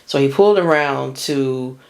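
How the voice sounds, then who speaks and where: A woman's voice: rumbling low, measured pace, a little mellow. Young woman telling her story, casual and rambly, lots of "like". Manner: rambling, full of fillers and restarts, slangy.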